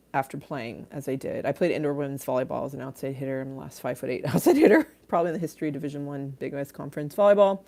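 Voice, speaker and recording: A woman's voice: deep voice, darkish tone. A middle-aged woman hosting a casual livestream, reading viewer comments aloud, laughing often and trailing off mid-thought. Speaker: livestream host.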